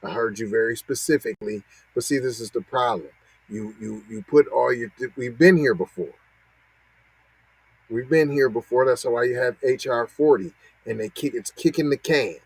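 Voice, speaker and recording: A man's voice: medium pitch, moderate pace, creaky, husky, no room sound, low-quality recording. A man, hosting a podcast and reacting to news clips with mocking, repetitive commentary. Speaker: podcast host.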